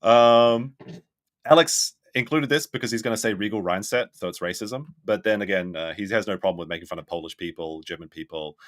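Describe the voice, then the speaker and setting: Guy doing stream commentary, reads chat out, pretty skeptical, lowish voice, no room sound. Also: fairly quick, no echo, clean studio sound. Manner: skeptical, blunt, thinks aloud. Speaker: streamer reacting to a documentary.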